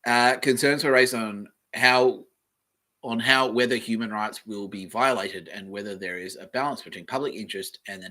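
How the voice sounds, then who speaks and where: A man hosting a casual solo podcast, reading aloud from the web and thinking out loud in a rambling way, with the odd swear. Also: lowish voice, husky. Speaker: podcast host.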